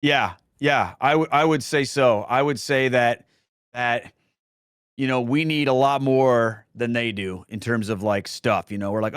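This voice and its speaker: A middle-aged man talks through his answers in an easygoing, unscripted way, circling back and restarting his sentences. His voice is smooth and resonant, and the recording is dry and close. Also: medium pitch, fairly even intonation, measured pace, a bit bright, no echo. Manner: rambling with frequent restarts and fillers. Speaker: guest, Catholic speaker and former pastor. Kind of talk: casual Q&A answers.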